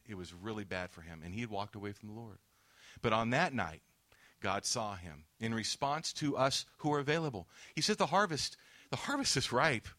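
A man's voice: fairly low pitch, fairly bright tone. A man preaching a sermon, telling a testimony story and acting out the quoted dialogue.

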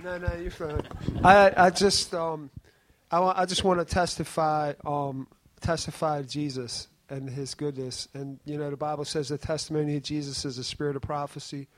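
A man's voice: a little high, little pitch movement, moderate pace, a bit bright, no echo. A man giving a spoken testimony at a church meeting, telling a rambling story and often asking "right?".

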